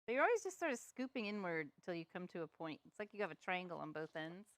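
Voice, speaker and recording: A woman's voice: on the low side, sing-song, fast talker, dry recording. A woman giving a step-by-step painting tutorial, chatty, playful and self-deprecating as she works. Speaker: painting instructor. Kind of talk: step-by-step live art tutorial.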